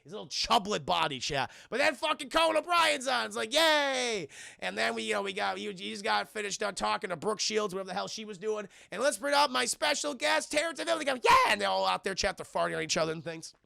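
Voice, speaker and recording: A young man in a casual live-stream, recapping a film scene by scene for his chat, excitable and swearing a lot, often breaking into loud quoted lines. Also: high-pitched, fast talker, gravelly, few pauses, no echo, clean studio sound.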